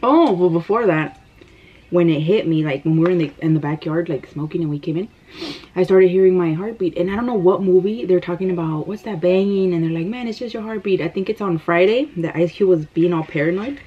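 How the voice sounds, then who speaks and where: A woman, telling a story in an animated, breathless way while eating on camera. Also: lowish voice, a little fast, breathy edge. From United States. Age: 30s. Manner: animated, gasping, breathless retelling. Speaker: mukbang vlogger. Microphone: camera microphone. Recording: slightly dull lo-fi sound.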